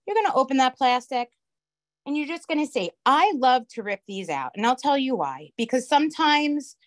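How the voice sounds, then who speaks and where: Fast-talking New York woman teaching crafts. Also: high-pitched, sing-song. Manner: fast-talking, chatty, keeps checking in with "okay?". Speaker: craft instructor. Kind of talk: live online craft class. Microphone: phone camera.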